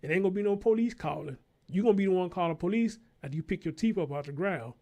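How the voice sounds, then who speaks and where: A man's voice: high voice, animated, fast talker, warm tone. A man hosting his own show, giving heated, profane commentary on news clips and calling out to his listeners like a preacher. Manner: profane, fired-up, preacher-like call-outs. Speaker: show host.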